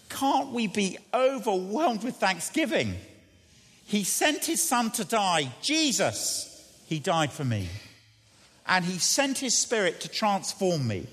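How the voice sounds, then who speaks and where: Earnest preacher in a reverberant church. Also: male voice, high voice, a bit bright. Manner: earnest, questioning, repeats key phrases. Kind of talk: sermon. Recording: long hall reverb.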